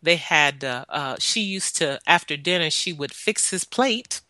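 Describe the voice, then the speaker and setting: Earnest, bright-voiced woman telling her story. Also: sits low, lively intonation, no room sound. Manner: earnest, halting with frequent pauses. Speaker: guest sharing her life story. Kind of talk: personal testimony, storytelling.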